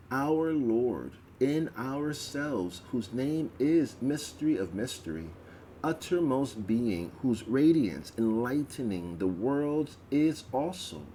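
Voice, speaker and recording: Male reader, unhurried ritual-text reading, faint hiss behind. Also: mid-range voice, dark tone. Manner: slow, measured reading with stumbles.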